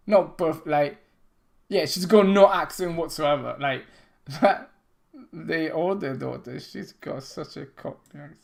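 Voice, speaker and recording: A middle-aged man hosting a game dev stream, chatting casually with halting, non-native phrasing and frequent restarts. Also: a little high, gravelly. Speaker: game developer and stream host.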